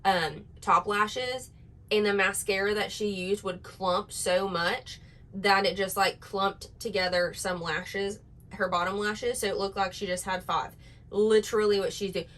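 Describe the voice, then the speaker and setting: A woman's voice: medium pitch, fairly even intonation, unhurried, fairly bright tone, rough recording. A woman giving casual reaction commentary, sarcastic and exasperated, rambling with restarts. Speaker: commentary YouTuber.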